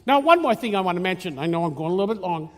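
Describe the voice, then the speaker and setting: A man's voice: high voice, lively intonation, rapid-fire, fairly bright tone. A man giving a chatty, teasing homily as a priest, rambling with many restarts, recorded in a church. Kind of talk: conversational homily. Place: church in Florida. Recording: long church reverb.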